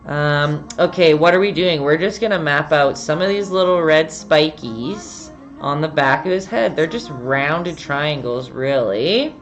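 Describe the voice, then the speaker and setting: An unhurried, expressive woman with a low voice teaches painting on a casual livestream, faint music behind her. She chats along, reads out viewer comments, and leaves sentences hanging midway.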